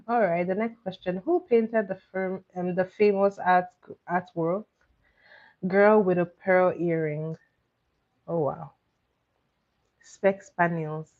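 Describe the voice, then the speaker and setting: A woman's voice: on the low side, fairly even intonation, slow pace, pauses often. A woman hosting a casual trivia game on a live stream, coaxing her viewers and repeating each question. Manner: coaxing, reads questions out to chat and repeats them. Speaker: livestream host running trivia. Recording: dull lo-fi stream audio.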